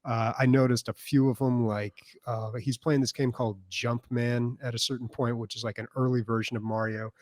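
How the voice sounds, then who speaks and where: A man in casual podcast chat, talking in long loose runs full of fillers. His voice sits at an ordinary middle pitch. The sound is dry and close, with no room around it. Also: level tone, normal speed, hardly any pauses, darkish tone, no echo. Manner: rambling, filler-heavy storytelling. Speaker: podcast co-host.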